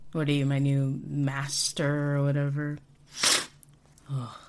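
A woman's voice: extremely low pitch, completely flat delivery, takes it slowly, background noise. A woman voicing a drunken AI voice module, slurring and giggling in a whispered role-play. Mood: sloppy. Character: sloppy drunk male AI voice module.

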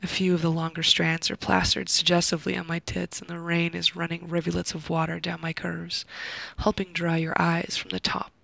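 Woman, erotic story narrator, intimate delivery, soft whispers, deep vocal fry, monotone, dry close sound. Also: fairly quick, hardly any pauses, no echo, rough recording. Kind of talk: first-person erotic audio story narration.

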